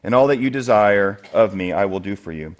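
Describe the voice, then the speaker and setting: A man preaching a sermon as the church's elder, conversational and animated, jumping much higher and louder when he acts out quoted speakers, then dropping to a quiet, earnest tone to urge his listeners. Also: fairly quick. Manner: animated, acts out quoted voices with big jumps in pitch and loudness. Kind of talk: expository sermon. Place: church sanctuary.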